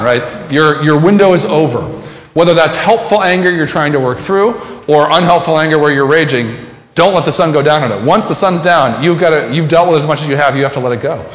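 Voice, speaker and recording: A man's voice: a little high, fairly bright tone. A middle-aged man preaching a sermon in a conversational, self-deprecating way, acting out bits of dialogue. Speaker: pastor. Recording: echoey hall with long reverb.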